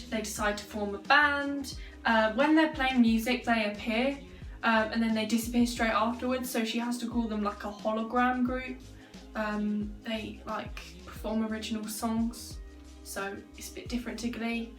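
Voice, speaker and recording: A chatty young woman talks to camera in a loose, rambling way, full of fillers and dry little jokes. Her voice sits fairly high for a woman. She sounds a step back from the mic in a roomy, echoing space, with faint music underneath. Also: far from the mic. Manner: rambling and chatty, many fillers, joking asides. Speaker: vlogger. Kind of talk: casual chat to camera.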